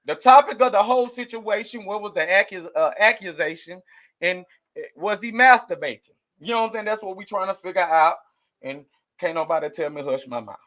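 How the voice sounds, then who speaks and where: A man's voice: high voice, brisk, a bit bright. A man doing casual news commentary for his viewers, rambling and emotional as he talks straight to the audience. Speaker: commentary vlogger.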